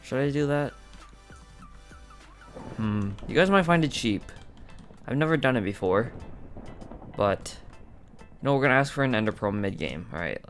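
Excitable male gaming commentator. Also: medium pitch, moderate pace, pauses often, faint music behind. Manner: excitable, talks to viewers, frequent outbursts. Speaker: gaming channel host. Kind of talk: casual gameplay commentary.

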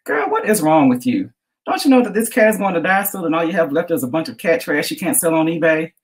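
A woman's voice: low voice, expressive, fast. A woman reading aloud, voicing a sassy, blunt adult female friend who scolds. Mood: scolding. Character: sassy gum-chewing adult woman houseguest.

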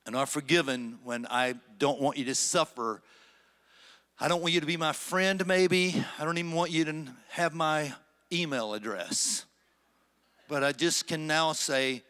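Emphatic preacher man, bright voice. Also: a little slow. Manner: swings between loud emphatic stretches and low conversational asides. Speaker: pastor. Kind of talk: sermon. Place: church sanctuary.

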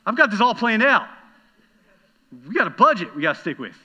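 A man preaching a sermon as pastor, telling a personal story in an animated, conversational way. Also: sits high, brisk. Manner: animated storytelling, talking straight to the congregation.

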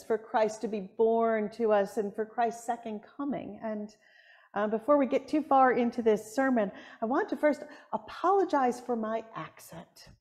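A high-voiced woman with a Buffalo, New York accent gives a sermon in a somewhat hard, nasal tone. She tells stories in an animated way and laughs often as she preaches.

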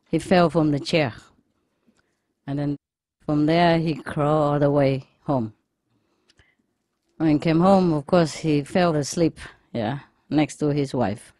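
A woman's voice: deep voice, dark tone, no echo. A woman spiritual teacher telling jokes in a casual lecture, chatty and laughing often.

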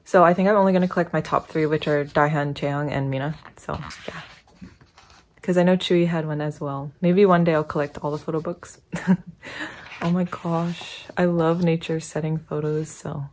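A young woman giggling and gushing excitedly as she unboxes and comments on a photobook. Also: deep voice, normal speed, slight background noise. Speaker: unboxing vlogger.

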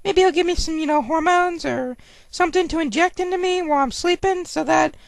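A woman's voice: very high voice, brisk, creaky, no room sound, low-quality recording. A woman voicing a young male hedgehog who rambles and complains with lots of "you know.". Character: young male hedgehog, whiny, easily annoyed.

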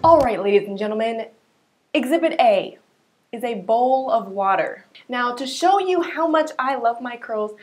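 A bubbly young woman vlogger chatting straight to camera, her voice sitting a little high and swinging up and down as she talks. Soft music plays faintly underneath. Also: normal speed. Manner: bubbly and expressive, swinging pitch. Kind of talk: casual talk to camera.

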